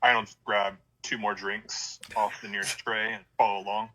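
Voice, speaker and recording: A man's voice: lowish voice, little pitch movement, moderate pace, sharp tone, low-quality recording. A man playing in a tabletop game, describing his character's actions in an easygoing way. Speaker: player.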